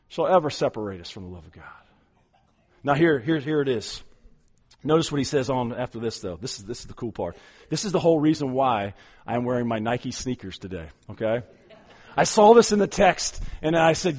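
Pastor, male, slightly high voice, emphatic sermon delivery with frequent repeats. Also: expressive, a little fast. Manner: emphatic, repeats words, swings loud and soft.

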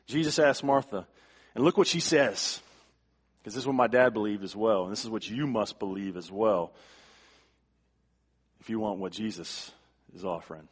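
A male pastor delivering a sermon, emphatic, repeating words for stress and swinging from quiet to forceful. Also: on the low side, moderate pace, pauses often, breathy edge.

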